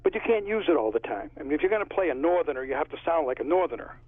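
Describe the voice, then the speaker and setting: A man's voice: a little high, big pitch swings, racing, no room sound. A man with a Connecticut accent, an author chatting in a casual interview and rambling through stories. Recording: tinny phone line, husky.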